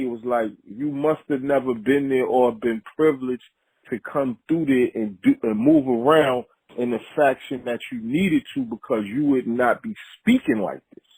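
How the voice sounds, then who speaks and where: A rapper from Harlem, talking as a guest in a casual conversation, full of street slang and frequent "you know what I'm saying.". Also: male voice, medium pitch, expressive, a little slow, a little mellow, husky, dry recording, low-quality recording. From Harlem, New York.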